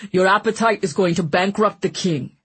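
A woman's voice: mid-range voice, normal speed, a bit bright, breathy edge. A woman voicing a sour, complaining male butler with a northern accent, grumbling darkly in a storybook reading.

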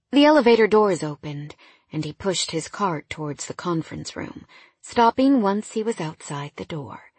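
Woman reading a romance novel first person, breathy lowish voice, dry close mic. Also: expressive, normal speed, a little mellow, dry recording. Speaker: audiobook narrator.

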